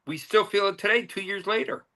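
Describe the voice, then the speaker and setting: Man, higher voice, bright tone, podcast debate, interrupts with pointed questions. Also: brisk. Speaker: podcast panelist. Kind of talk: casual football debate.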